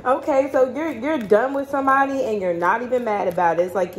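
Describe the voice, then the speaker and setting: A woman's voice: fairly high pitch, lively intonation, normal speed, slight background noise. A woman giving a casual tarot reading, talking bluntly and chattily with plenty of swearing. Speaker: tarot reader.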